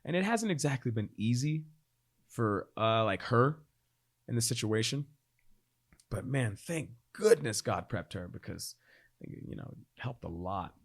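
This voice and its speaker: A man in his thirties, a podcast guest, telling a personal story in a casual, animated way, acting out quoted voices and laughing often. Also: measured pace, vocal fry. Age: 30s. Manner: animated, acts out quoted voices with big pitch jumps; laughs often, frequent fillers like "like".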